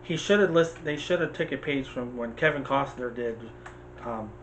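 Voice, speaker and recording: An American man co-hosting a casual movie chat. He talks in an animated, opinionated way and keeps jumping into quick asides. A faint hiss sits under his voice. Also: mid-range voice, poor audio. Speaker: podcast co-host.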